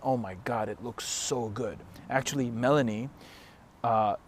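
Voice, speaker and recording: A man's voice: medium pitch, slight background noise. Blunt, profane male fitness coach. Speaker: fitness and self-help coach. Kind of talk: direct-to-camera motivational talk.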